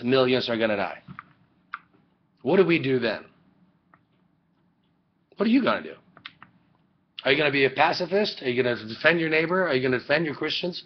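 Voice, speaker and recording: A man's voice: medium pitch, slight background noise. Rambling male teacher on lo-fi webcam. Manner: rambling, joking, rhetorical questions. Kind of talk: classroom lecture. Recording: dull lo-fi webcam audio.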